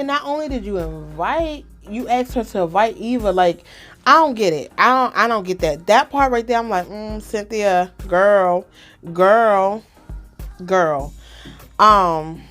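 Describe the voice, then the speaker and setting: A woman's voice: medium pitch, normal speed, faint music behind. A woman hosting a podcast, chatting casually and acting out quotes while recapping a reality show. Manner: chatty, animated, acts out quotes. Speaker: podcast host.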